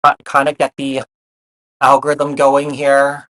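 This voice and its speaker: A man reads tarot for his viewers in a medium-pitched, monotone, somewhat bright voice, speaking a little slowly. He repeats phrases, relies heavily on fillers like "you know" and "kinda," and stays reassuring.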